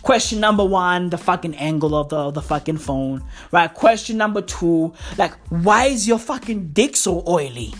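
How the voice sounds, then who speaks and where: A woman's voice: fairly low pitch, lively intonation, normal speed, hardly any pauses, soft background music. A woman from South Africa delivering a heated, swearing comedic rant full of slang and repetition. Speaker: comedic ranter.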